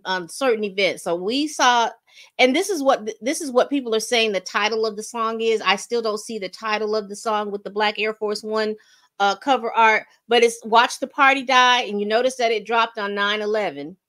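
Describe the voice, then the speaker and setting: A woman's voice: medium pitch, fairly bright tone. A woman hosting a casual commentary video, chatty and repeating herself as she talks her viewers through a story. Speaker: commentary channel host.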